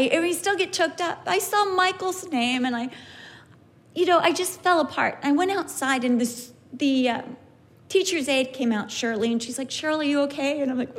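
A former kindergarten teacher, a woman, telling stories about her class in an animated way, acting out her pupils' voices. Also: sits high. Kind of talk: personal storytelling.

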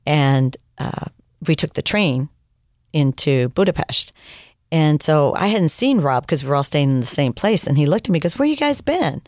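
Low-voiced woman telling her story. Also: normal speed, no room sound, studio quality. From United States. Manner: animated storyteller, acts out quoted dialogue. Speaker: interview guest. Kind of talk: personal testimony in conversation.

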